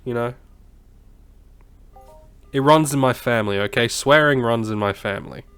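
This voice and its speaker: A man's voice: mid-range voice, normal speed, a bit bright, clean tone, faint music behind. Australian man swearing through game commentary. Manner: rambling, swears constantly. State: has a cold. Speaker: gameplay commentator. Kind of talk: casual gameplay commentary.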